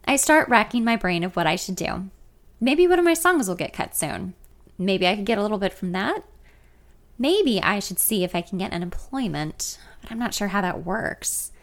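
A woman's voice: mid-range voice, very animated, normal speed, fairly bright tone. A woman in her thirties reading her own memoir aloud in the first person, candid and conversational. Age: 30s. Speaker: author narrating her memoir.

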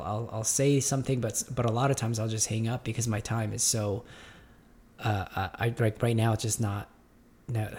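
A man's voice: on the low side, darkish tone. A man who runs a gym, talking to his viewers in a reflective, casual monologue. He often stumbles and repeats words as he thinks aloud, and calls his listeners "guys". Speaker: gym owner speaking to viewers.

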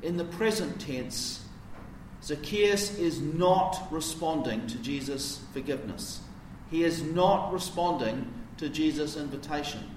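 A man gives a sermon in a conversational, teaching tone and poses questions to the congregation. His voice sits a touch high for a man. He is picked up from some distance, with a roomy echo and faint ambience behind him. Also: animated, measured pace, darkish tone, slight background noise. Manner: conversational, explanatory, rhetorical questions. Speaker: preacher.

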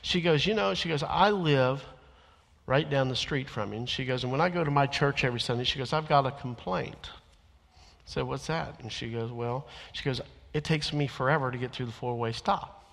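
A male minister delivers an earnest sermon, swinging between loud, emphatic declarations and hushed, confessional asides. His voice sits at an ordinary middle pitch. The sound rings with the long reverb of a large church sanctuary. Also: normal speed, creaky.

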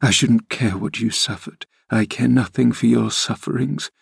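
A man's voice: mid-range voice, moderate pace, gravelly, breathy edge, no room sound, studio quality, full character voice. A man voicing a dying young woman, bitter and yearning, pleading with feverish passion.

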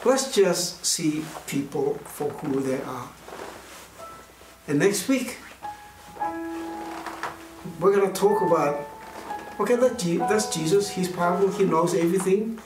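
A man's voice: sits high, unhurried, pauses often, over music. A male minister giving an earnest, conversational sermon and telling a personal story, with many restarts. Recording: roomy, voice distant from mic.

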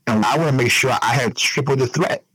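A man's voice: medium pitch, fairly quick, a bit bright, breathy edge, no room sound, poor audio. A man giving an emotional personal interview, talking earnestly and repeating himself for emphasis.

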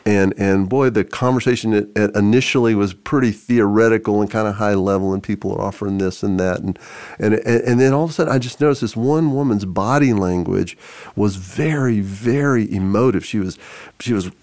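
A man telling a story on a podcast, animated, with many restarts and acted-out voices. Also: on the low side, a little fast, dry recording. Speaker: podcast co-host, church forum leader. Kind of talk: storytelling conversation.

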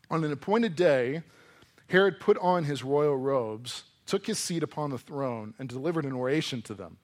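A man preaching a sermon to a congregation in a conversational, animated way, often acting out voices as he reads and explains scripture. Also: mid-range voice. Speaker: pastor. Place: church hall before a congregation.

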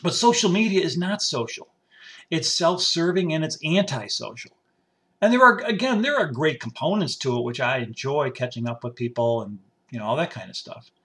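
A man's voice: on the high side, lively intonation, moderate pace, pushed and bright. A man hosting a podcast, musing aloud in a rambling personal monologue with frequent restarts. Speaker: podcast host. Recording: faint music behind.

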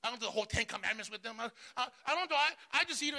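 A man pastor preaching a sermon, calling out to the congregation for responses and swinging between loud bursts and soft asides. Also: very high voice, expressive, rapid-fire. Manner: emphatic call-and-response preaching.

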